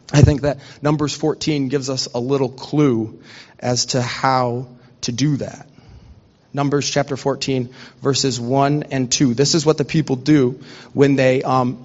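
Conversational pastor, slightly muffled. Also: male voice, medium pitch, a little mellow. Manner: storytelling with quick quoted asides, conversational. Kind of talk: sermon with personal stories.

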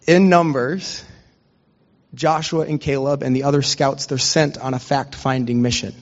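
A man preaching a sermon, telling funny family stories and acting out quick quoted exchanges before moving into scripture. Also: mid-range voice, steady tone, dull audio. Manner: storytelling with quick quoted asides, conversational. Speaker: pastor.

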